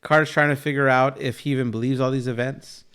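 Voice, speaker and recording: A man's voice: mid-range voice, fairly even intonation, fast talker, a bit bright, clear, resonant tone. A man co-hosting a podcast, retelling scenes step by step in casual chat and quoting lines as he goes. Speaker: podcast co-host. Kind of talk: casual chat recapping a film.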